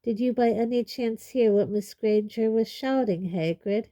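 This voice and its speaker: A woman voicing a very old, calm and kindly headmaster with a measured, gently dry manner in an audiobook. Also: fairly high pitch, pitched above the performer's own voice, close to an everyday voice. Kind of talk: audiobook character voice.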